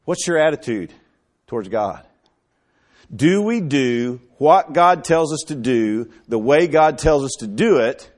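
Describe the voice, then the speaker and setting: A man preaching a sermon, retelling scripture as a lively story and acting out the quoted lines, with bursts of emphasis. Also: mid-range voice, measured pace. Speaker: pastor.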